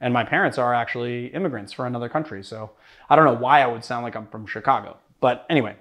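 A man's voice: medium pitch, quick pace, fairly bright tone. A young man from Boston hosting a casual cocktail tutorial, chatty and joking about himself as he works. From Boston, USA. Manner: chatty, joking, self-deprecating. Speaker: cocktail show host.

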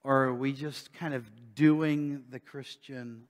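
A man's voice: mid-range voice, steady tone, takes it slowly. A man preaching a sermon as pastor, talking conversationally and asking his listeners rhetorical questions. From United States. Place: church sanctuary. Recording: long church reverb.

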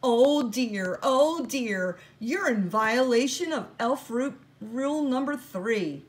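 A woman's voice: a little high, animated, slow, voice pushed up. A woman doing a fussy little elf man. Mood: flustered. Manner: flustered, fussy. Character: fussy little male elf, a stickler for rules.

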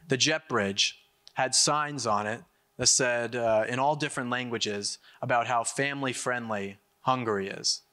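Medium in pitch with a sharp tone, this young American conference speaker delivers a forceful political address, repeating himself to build his arguments and adding quick asides.

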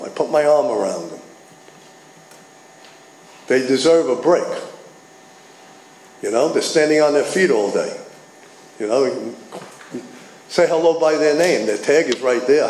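An older man tells his recovery story to a meeting in a fairly high, animated voice, slipping into the lines of the people he quotes. The room is echoey, with a faint hiss behind him. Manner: animated storytelling, acts out dialogue. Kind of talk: personal recovery talk. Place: meeting hall.

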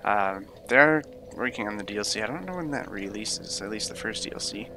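A man's voice: on the low side, animated, a little fast, noisy background. A young man casually commenting on his own gameplay as a streamer, laid-back and grumbling with swears at opponents. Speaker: game streamer. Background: game music.

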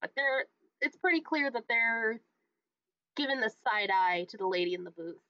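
A woman's voice: fairly high pitch, lively intonation, normal speed, bright, forceful tone, no room sound. Woman game master, offhand narration, lo-fi dry recording. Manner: casual, describing scenes offhand. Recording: dry, dull lo-fi mic.

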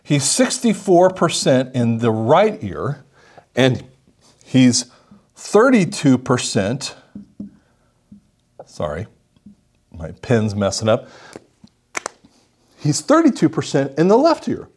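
A male audiologist explaining a patient case as a lively story, acting out what the patient said. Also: medium pitch, slow, pauses often. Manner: animated storytelling, acts out the patient's lines.

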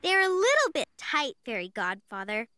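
A woman voicing a cheerful, excitable little monkey in a children's cartoon, bubbly and full of exclamations. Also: high-pitched, normal speed, no echo, full character voice. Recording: music playing under voice.

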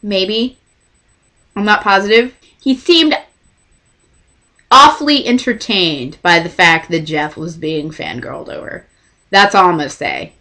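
A young woman vlogger telling a story in a casual, excitable and self-mocking way. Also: medium pitch, a little slow, long pauses.

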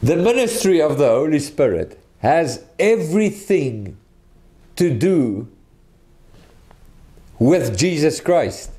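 A man preaching a sermon, teaching in an earnest, deliberate way and often restarting his sentences. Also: fairly high pitch, sing-song, dark tone.

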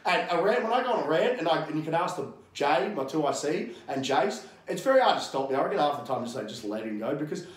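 A man's voice: a little high, animated, quick pace, hardly any pauses, reverberant. An Australian man speaking as a guest coach in a casual podcast interview, talking bluntly with lots of swearing, ranting and getting fired up.

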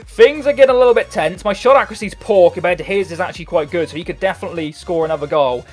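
A man in his twenties giving excitable live gameplay commentary, swearing often and bursting into shouts. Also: high voice, very fast. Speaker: gaming YouTuber. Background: faint background music.

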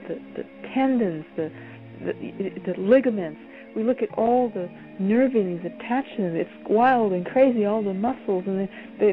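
Playful woman guiding a meditation. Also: a little high. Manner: playful, halting, repeats words. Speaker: radio show host. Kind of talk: guided meditation. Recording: phone-line radio call, faint music.

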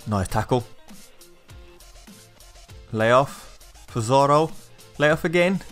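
A young man talks over his football game, cheering and groaning at his players as his pitch leaps around. He sounds excitable and chatty. Faint game music plays underneath. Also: moderate pace, pauses often. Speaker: gaming YouTuber. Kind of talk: live gameplay commentary.

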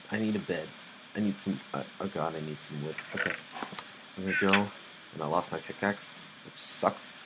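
A man's voice: deep voice, a bit bright, a little hiss or hum, rough recording. A young man commentating his own live gameplay, easily startled and muttering nervously to himself. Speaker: gamer playing live.

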